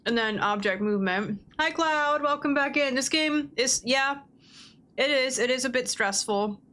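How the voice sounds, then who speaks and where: A woman's voice: high voice, normal speed, pushed and bright. A woman gaming livestreamer chatting casually at her desk, talking bluntly and swearing freely while she plays.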